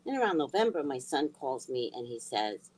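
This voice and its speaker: A middle-aged woman telling a personal story in a blunt, heated way, swearing freely and swinging from hushed asides to near shouting. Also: extremely low pitch, big pitch swings, moderate pace, slight background noise, rough recording. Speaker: spiritual reader and vlogger. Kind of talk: casual storytelling rant.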